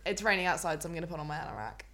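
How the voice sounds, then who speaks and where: A young woman, chatting casually and quizzing a friend on slang, often breaking into high laughter. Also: animated, very fast, a bit bright. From Scotland. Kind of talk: casual chat.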